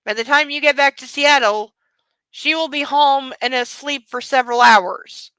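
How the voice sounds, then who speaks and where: A woman's voice: high voice, moderate pace, bright, forceful tone, dry recording, poor audio. A young woman hosting an online book club, chatting and mocking the text with sarcastic asides. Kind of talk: sarcastic reading commentary.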